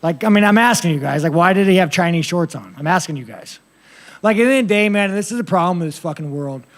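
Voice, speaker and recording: This high-pitched man talks fast with lively intonation as he takes reporters' questions at a post-fight press conference. Blunt and rambling, he curses nonstop and keeps laughing at himself.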